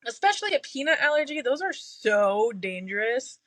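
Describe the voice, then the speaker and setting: A woman's voice: fairly high pitch, very animated, moderate pace, a bit bright, no echo. Blunt, laughing woman co-host, dry sound. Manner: blunt, swears freely, laughs often. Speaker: podcast co-host. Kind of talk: casual book discussion chat.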